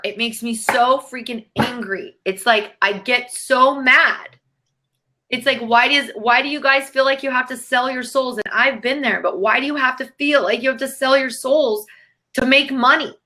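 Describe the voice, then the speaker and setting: A woman's voice: high voice, moderate pace, pushed and bright. Woman, motivational guest; emphatic, preachy delivery with casual swearing. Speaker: guest coach. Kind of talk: motivational interview talk.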